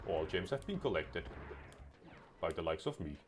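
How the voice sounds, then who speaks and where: Deep-voiced sarcastic gaming commentator. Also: male voice, sing-song, moderate pace, music in the background. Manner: sarcastic, joking, swears freely. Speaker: gameplay commentator. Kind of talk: casual let's-play commentary.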